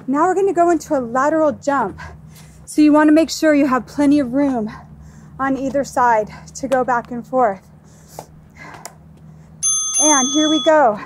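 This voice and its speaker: A woman's voice: high voice, noisy background. A woman fitness instructor leading a workout, calling out moves and countdowns in an upbeat, coaching way while she exercises along.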